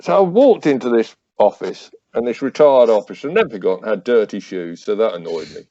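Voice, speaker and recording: Low-voiced man telling wry stories. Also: expressive, fairly quick, warm tone, lo-fi sound. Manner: acts out remembered dialogue, wry, with hesitant fillers and restarts. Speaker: podcast guest, army veteran. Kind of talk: casual anecdotal storytelling.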